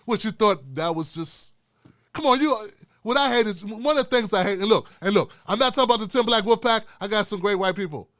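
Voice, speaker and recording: A male host giving an animated, profane political commentary rant. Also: sits high, brisk, no echo, studio quality.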